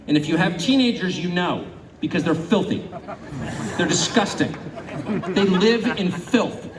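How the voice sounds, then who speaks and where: A middle-aged man from California gives a public speech to an audience, animated and sarcastic, mocking imagined critics. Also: sits high, unhurried, a faint crowd. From California, United States. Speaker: guest speaker. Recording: echoey hall, faint ambience.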